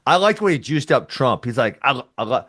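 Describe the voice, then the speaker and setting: A man's voice: mid-range voice, sing-song, fairly quick, bright, forceful tone. A man co-hosting a podcast, joking and laughing in casual banter. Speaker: podcast co-host. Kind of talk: casual chat.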